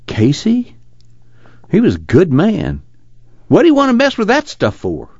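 A man doing a gruff old farming father. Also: sits high, wildly swooping pitch, measured pace, a little mellow, no echo, voice pushed up, full character voice. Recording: muffled, dry.

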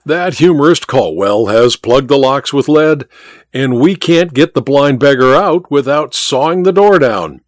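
A booming, boastful mining magnate, all jovial bluster, his voice leaping high as he crows. A man acts him out in a dry, close storybook reading. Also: expressive, measured pace, dry recording, close to an everyday voice.

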